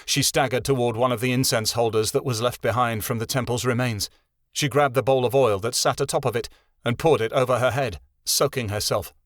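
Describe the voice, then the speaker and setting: A man narrates a fantasy audiobook in a measured, dramatic way. His voice sits mid-pitch and the recording is dry and close. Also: fairly even intonation, dry recording.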